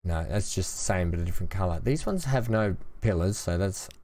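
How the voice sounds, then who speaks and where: A man's voice: deep voice, expressive, fairly quick, dark tone. A young man casually commenting on his own gameplay, thinking aloud and chatting to the game as he builds. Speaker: gaming channel host. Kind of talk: casual let's-play commentary.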